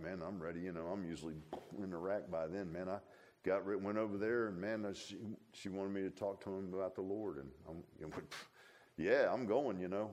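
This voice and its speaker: Folksy low-voiced preacher man. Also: darkish tone. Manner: folksy, conversational preaching with asides. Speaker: pastor. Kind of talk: sermon.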